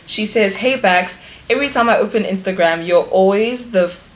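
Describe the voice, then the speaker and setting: A woman's voice: mid-range voice, normal speed. A young woman in her twenties, chatting casually to camera and reading friends' letters aloud, prone to giggling. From South Africa. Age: 20s. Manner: chatty, warm-hearted, breaks into giggles. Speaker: vlogger and pageant finalist.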